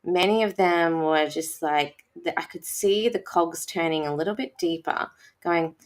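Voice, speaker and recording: Enthusiastic woman, low voice. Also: unhurried. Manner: enthusiastic, rambling, searches for words. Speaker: teacher. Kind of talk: casual conversation.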